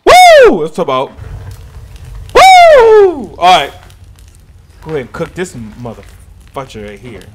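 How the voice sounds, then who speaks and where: A man's voice: medium pitch, lively intonation, moderate pace, pauses often, noisy background. A man giving let's-play commentary on a survival game, jumpy and swearing, talking to himself as he goes. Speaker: gaming YouTuber.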